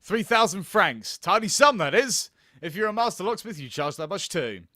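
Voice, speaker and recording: A man's voice: high-pitched, very animated, moderate pace, sharp tone, dry recording, studio quality, exaggerated voice. A man voicing a proud, stubborn old master locksmith who grumbles about never getting paid, in a video game. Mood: defensive grumbling.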